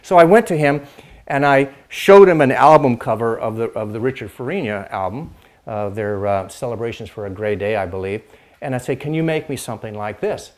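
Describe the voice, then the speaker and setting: An older man, a host and dulcimer player from the Pacific Northwest of the United States, reminisces in a rambling, unhurried monologue at medium pitch. He restarts often, uses fillers, and demonstrates chords as he talks.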